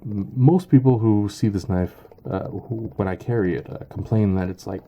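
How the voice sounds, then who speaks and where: A man giving a casual product review, halting and full of ums and uhs. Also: fairly low pitch, muffled recording, a little hiss or hum. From Canada. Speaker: knife reviewer.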